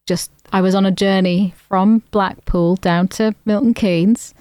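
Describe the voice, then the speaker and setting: A woman's voice: mid-range voice, fairly even intonation, unhurried, warm tone, clear, resonant tone, no echo. A woman co-hosting a podcast, telling casual anecdotes with plenty of filler words. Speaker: podcast co-host. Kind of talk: casual chat.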